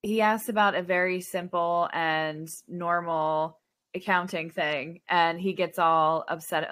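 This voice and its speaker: A woman co-hosting a podcast who reacts to the story with quick remarks and questions. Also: lowish voice, steady tone, a bit bright. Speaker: podcast co-host. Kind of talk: casual podcast chat.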